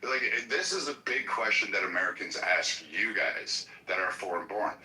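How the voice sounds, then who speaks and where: A man talks bluntly and casually, swearing freely. His voice sits low but sounds very bright. The room gives it a noticeable echo. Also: lively intonation, moderate pace. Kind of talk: political talk.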